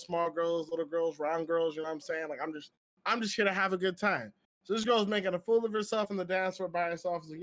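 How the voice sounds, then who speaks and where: A young man with a notably high voice, swapping stories on a casual podcast. He talks in an animated, slangy way with plenty of swearing, recorded dry and close. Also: dry recording. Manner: animated storyteller, slangy and profane. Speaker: podcast co-host. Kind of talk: casual chat.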